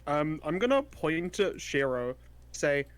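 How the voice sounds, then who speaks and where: A man's voice: on the high side, big pitch swings, slow, clean tone, dry recording. A man playing a tabletop role-playing game, describing his moves casually and laughing between phrases. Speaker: player.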